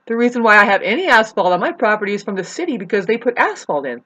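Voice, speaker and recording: Angry lady venting on camera, swears a lot, goes from yelling to quiet and sad, kinda high voice. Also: animated, fairly quick, hardly any pauses. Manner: fired up and swearing, voice swinging from shouting to low and sad. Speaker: vlogger. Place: home in the mountains.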